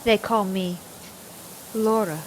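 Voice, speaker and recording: A woman's voice: medium pitch, steady tone, slow, a little hiss or hum, lightly acted, low-quality recording. A woman voicing a brash 38-year-old Southern housewife in a put-on Southern drawl, reading her lines like a playful storybook. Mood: boastful.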